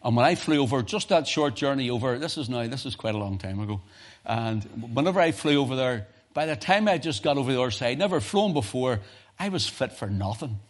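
Northern Irish pastor telling a story. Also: male voice, mid-range voice, a little fast. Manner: animated storytelling with humorous asides and chuckles. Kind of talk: sermon.

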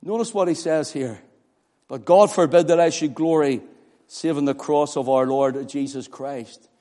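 A man's voice: fairly high pitch, measured pace, warm tone, big-room sound. A man with a Northern Irish accent preaching a sermon, building to impassioned, emphatic declarations.

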